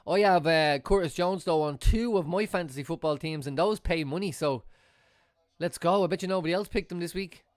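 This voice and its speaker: A young man giving casual, excitable live commentary as a fan streamer watching a football match, swearing and breaking into loud outbursts. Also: fairly high pitch, a little fast, no echo, studio quality.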